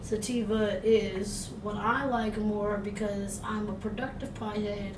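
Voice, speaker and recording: A woman's voice: medium pitch, little pitch movement, a little slow. A young woman co-hosting a podcast, talking bluntly and profanely with her lifelong friend. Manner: blunt, profane, laughing banter. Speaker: podcast co-host. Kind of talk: casual chat. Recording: echoey, distant mic with crowd noise.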